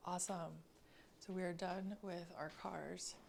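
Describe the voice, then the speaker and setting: A woman instructor guiding a mobility class, cueing each movement calmly and counting down slowly. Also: on the low side, vocal fry, background noise. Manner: slow, calm cueing with counted breaths. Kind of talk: guided exercise class.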